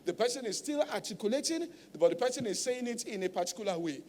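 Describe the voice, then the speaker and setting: Male pastor with a high voice, preaching with emphasis and frequent tag questions, in a reverberant hall. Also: animated, fast talker, darkish tone, a little hiss or hum. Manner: emphatic teaching, tag questions like "all right?". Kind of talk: sermon.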